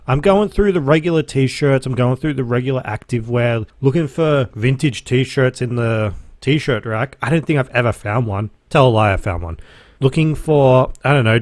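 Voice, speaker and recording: A young Australian man rants into the mic in a casual, sarcastic way, with swearing sprinkled through his story. His voice sits at an ordinary middle pitch, and the recording is dry and close, with no room sound. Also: no echo. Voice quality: animated, swears freely, sarcastic. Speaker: podcast host, reseller. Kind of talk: casual ranting monologue.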